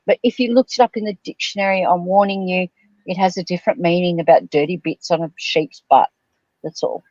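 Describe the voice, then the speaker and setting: An Australian woman in her fifties, co-hosting a casual chat and telling rambling, animated stories. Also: medium pitch, no echo, lo-fi sound. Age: 50s. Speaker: podcast co-host.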